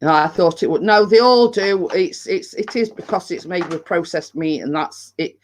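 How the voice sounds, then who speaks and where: A woman's voice: lowish voice, moderate pace, a little hiss or hum. A woman with a Yorkshire accent hosting a casual live stream, chatting and reading out viewer comments. She rambles a little and laughs often.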